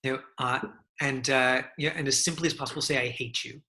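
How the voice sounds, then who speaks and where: A man's voice: mid-range voice, steady tone, fast, bright, forceful tone. A man teaching an online acting class over a video call, talking in a loose, chatty way full of fillers and restarts.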